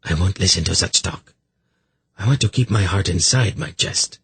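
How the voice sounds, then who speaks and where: A man voicing a fearful, indignant male priest in an audiobook, with a gravelly, husky voice. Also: low voice, moderate pace, fairly bright tone, no echo, exaggerated voice. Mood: refusing. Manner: indignant, refusing.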